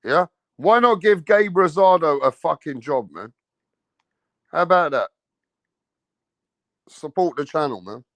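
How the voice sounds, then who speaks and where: A man's voice: on the high side, expressive, a little slow, long pauses, no echo. A man hosting a casual livestream, swearing and using slang as he rants and talks to his chat. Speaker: livestream host.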